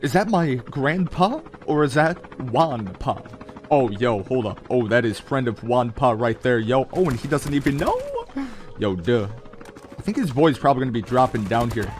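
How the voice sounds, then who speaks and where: Young male gamer, excitable commentary, lively swooping pitch, faint gunfire behind. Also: normal speed, background noise. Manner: hyped, talks to chat, frequent exclamations. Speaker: mobile game streamer.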